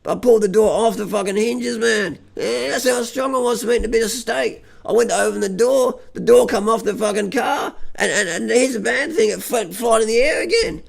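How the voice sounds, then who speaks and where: An Australian comic vlogger with a very high, gravelly voice talks a little fast with few pauses. His rambling monologue is full of stammered, repeated words, heavy swearing, and deadpan bragging.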